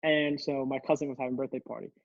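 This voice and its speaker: A man's voice: mid-range voice, fairly even intonation, rapid-fire, vocal fry, no room sound, highs cut off. A young man, a podcast co-host, telling a long story in casual chat, rambling and laughing, with many restarts. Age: young adult.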